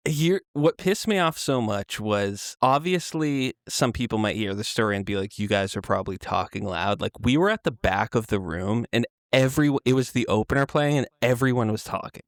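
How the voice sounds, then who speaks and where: A man co-hosting a podcast, telling a story in relaxed, plain-spoken casual chat. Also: mid-range voice, normal speed, hardly any pauses, no echo, studio quality. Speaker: podcast co-host.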